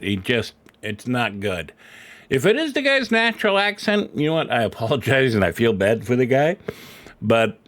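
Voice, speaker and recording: A man's voice: expressive, moderate pace, a bit bright. Chatty middle-aged man streaming a game. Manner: chatty and self-deprecating, jumping up and down in pitch. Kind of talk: casual live-stream commentary.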